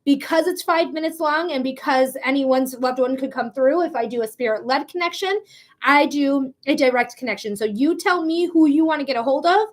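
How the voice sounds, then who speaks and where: A woman's voice: sits high, moderate pace. A woman hosting a live psychic reading stream, chatting casually in a blunt, profane way with frequent laughs. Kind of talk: casual livestream chat.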